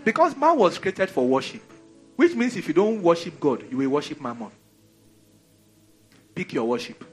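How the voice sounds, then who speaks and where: Nigerian man, preacher, husky voice, slightly high pitch, lively sermon, soft music behind. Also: moderate pace, pauses often. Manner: animated, conversational, many rhetorical questions.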